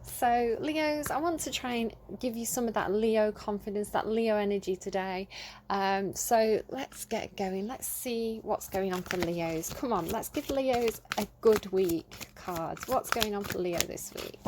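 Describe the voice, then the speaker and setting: A woman chats through a tarot reading, recorded on a phone. She talks in a loose, rambling way with many ums and side remarks. Her voice sits at a middling pitch. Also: steady tone, a little slow, background noise. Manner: chatty and rambling, many fillers. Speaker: tarot reader. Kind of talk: casual tarot reading to camera.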